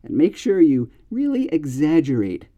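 Mellow-voiced man teaching English. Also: a little high, wildly swooping pitch, moderate pace, lo-fi sound. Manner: clear, patient explaining with exaggerated intonation examples. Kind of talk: podcast grammar lesson.

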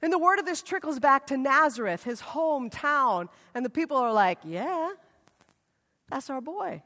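Her voice high and her pace brisk, a woman preacher animatedly recounts a scripture story in a relaxed sermon style, while a long echo lingers around the worship hall.

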